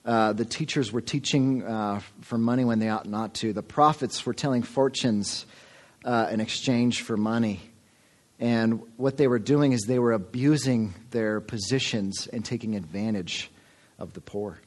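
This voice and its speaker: A man's voice: on the low side, measured pace. A man preaching a sermon as pastor, earnest and calling his listeners folks. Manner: earnest, addresses the congregation as folks.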